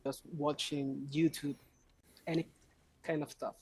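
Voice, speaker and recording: A man answering speaking test questions in halting English, searching for words over a video call. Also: on the high side, flat delivery, slightly rough. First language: Spanish. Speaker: test candidate.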